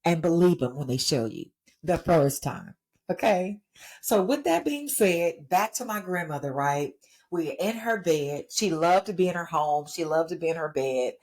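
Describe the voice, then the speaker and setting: A woman's voice: deep voice, animated, normal speed, darkish tone. A middle-aged woman from Texas with a Texan accent, founder of a ministry, giving an earnest, conversational inspirational faith talk and often checking in with her listeners.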